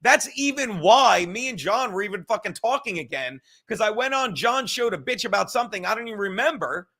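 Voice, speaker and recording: A man hosting a casual livestream podcast, talking in a rambling, animated way full of swearing. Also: high-pitched, a little fast. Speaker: podcast host.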